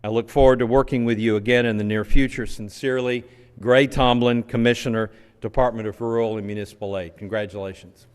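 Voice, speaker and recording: A man with a West Kentucky accent reads a formal letter aloud at a county meeting, now and then dropping an "uh." His medium-pitched voice carries a long reverb from a courthouse chamber. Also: fairly even intonation, fairly quick, a little mellow, clear, resonant tone. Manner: formal reading with "uh" fillers. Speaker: state transportation field representative.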